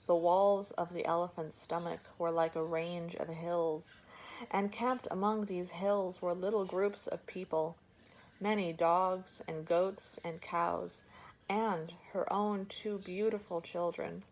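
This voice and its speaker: A woman reading a folk tale aloud for children in a gentle, measured way. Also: fairly low pitch, steady tone. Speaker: storyteller. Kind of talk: storybook reading.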